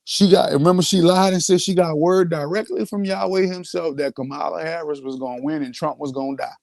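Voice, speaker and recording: A man's voice: fairly high pitch, steady tone, a little fast, creaky, a little mellow, no room sound, studio quality. Boastful man ranting on a livestream. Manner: boastful, repetitive, restarts often. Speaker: host. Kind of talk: livestream rant.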